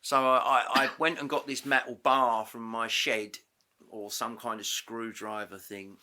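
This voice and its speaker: A man guest on a podcast, telling a story casually and acting out the dialogue with quick self-corrections. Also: medium pitch, level tone, sharp tone. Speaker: interview guest. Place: podcast studio.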